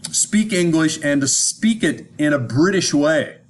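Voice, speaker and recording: A man's voice: fairly high pitch, expressive, measured pace, a little hiss or hum. An American man giving an informal lecture, talking conversationally and often checking whether his listeners follow, with frequent restarts. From United States.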